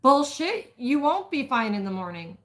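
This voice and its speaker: A woman's voice: high voice, big pitch swings, normal speed, fairly bright tone, pitched above the performer's own voice. A woman voicing an intense, blunt man from a romance novel, insistent and curt.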